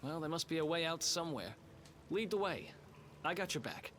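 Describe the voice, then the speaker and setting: A man's voice: on the high side, lively intonation, normal speed, crowd noise, lightly acted. A man voicing a cocky, street-smart young male thief with a loose New York-like accent and a breezy, teasing manner. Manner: breezy, self-assured, teasing.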